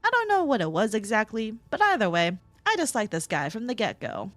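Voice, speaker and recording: A woman's voice: fairly high pitch, wildly swooping pitch, a little fast, fairly bright tone, no echo. A woman narrating a commentary video, opinionated and storytelling.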